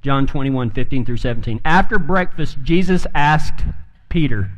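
A man's voice: medium pitch, lively intonation, moderate pace. A man preaching a sermon, telling stories in a folksy way and building to emphatic peaks. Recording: long reverb of a hall.

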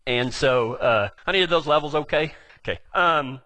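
A man with a West Texas drawl preaches in a high voice, wandering through cowboy yarns with plenty of jokes. His tone is bright and forceful, and his speech is packed with ranch slang. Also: normal speed. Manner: folksy, rambling, joking, with cowboy slang. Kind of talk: storytelling sermon to a live audience.

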